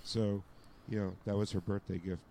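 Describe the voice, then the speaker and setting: A man co-hosting a podcast, telling a story in a rambling, halting way. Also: lowish voice, level tone, vocal fry, mellow, dry recording. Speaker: podcast co-host. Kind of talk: casual chat.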